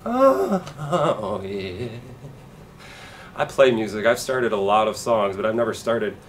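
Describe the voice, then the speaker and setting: A man doing a stand-up comedy set with a dry, deadpan delivery and acted-out quotes. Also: fairly low pitch, slow pace, far from the mic, slight background noise.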